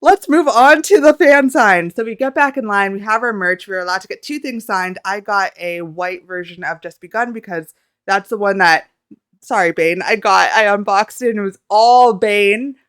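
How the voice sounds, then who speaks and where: A young woman telling a story in a casual vlog at home, excitable and flustered, rambling and swearing as she goes. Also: medium pitch, moderate pace, clear, resonant tone, dry recording, clean studio sound. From Canada. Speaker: vlogger.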